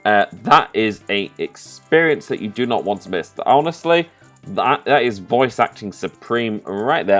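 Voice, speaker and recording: A man giving casual, sweary commentary over a video game, bursting into loud, excited outbursts. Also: on the low side, moderate pace, soft background music. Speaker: gaming commentator. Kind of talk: post-play game commentary.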